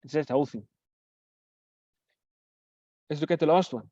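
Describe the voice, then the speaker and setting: A teacher giving a grammar lesson who poses questions and answers them, repeating example phrases slowly. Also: medium pitch, warm tone, no room sound. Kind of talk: classroom lecture. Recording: dull lo-fi recording.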